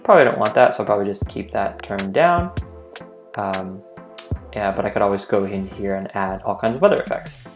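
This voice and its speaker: A man teaching a software tutorial in a studio, explaining in a relaxed, friendly way with small fillers. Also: on the low side, brisk. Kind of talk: tutorial demonstration. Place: recording studio. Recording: echoey room with faint music.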